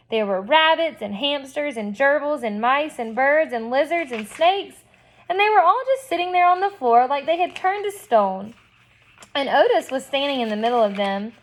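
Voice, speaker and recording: Expressive female reader of a children's novel, slightly high, chatty asides. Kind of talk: reading a children's novel aloud.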